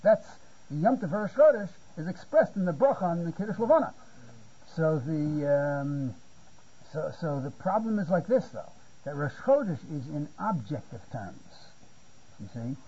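An older man giving a spontaneous Torah lecture, halting and repeating words, often checking with "you see?". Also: on the high side, very animated, mellow, breathy edge. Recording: muffled lo-fi recording.

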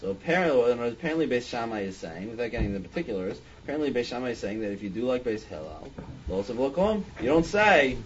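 A man's voice: mid-range voice, very animated, quick pace, highs cut off, slight background noise. A man leading a Talmud study class, thinking aloud with frequent restarts and "I mean". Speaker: Talmud teacher.

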